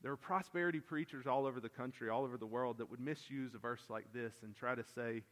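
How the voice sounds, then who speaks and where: A man preaching an earnest expository sermon as pastor, moving between emphatic and hushed delivery. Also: mid-range voice, fast. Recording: long reverb of a large church hall.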